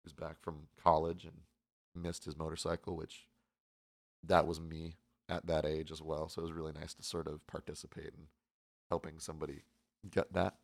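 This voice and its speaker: A man's voice: extremely low pitch, normal speed, dry recording, clean studio sound. A young man hosting a movie podcast in casual, rambling chat full of fillers. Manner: relaxed, rambling, many fillers. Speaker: podcast host.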